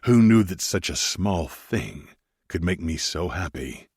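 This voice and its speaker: A man's voice: deep voice, animated, measured pace, darkish tone, slightly rough, no echo, clean studio sound. A man narrating a first-person romance audiobook in an intimate, brooding way.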